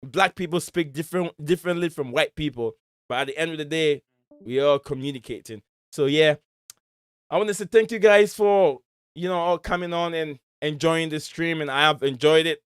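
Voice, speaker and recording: A man's voice: a little high, normal speed, smooth, no room sound, clean studio sound. Rambling man hosting a chat stream. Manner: rambling, searching for words. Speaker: stream host. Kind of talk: casual chat on a live stream. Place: home in Michigan.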